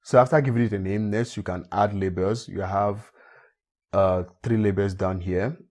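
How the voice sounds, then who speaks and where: A man from Africa walking viewers step by step through a software tutorial, often repeating himself. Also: lowish voice, moderate pace. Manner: steady step-by-step walkthrough, repeats phrases. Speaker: tech tutorial host. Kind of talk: screen-recorded software tutorial.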